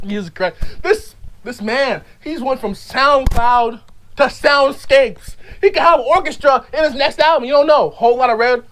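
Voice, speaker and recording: A vlogger delivering a rambling, ironic monologue in a mock-serious tone, full of stammered restarts, swinging between loud outbursts and low mumbling. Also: a little hiss or hum, low-quality recording.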